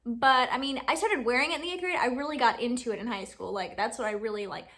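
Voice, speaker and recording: This Alabama beauty YouTuber, a woman in her 20s, talks fast through a laid-back Q&A vlog. She wanders from point to point, says "like" constantly, and laughs a lot, all in a bright, somewhat high voice.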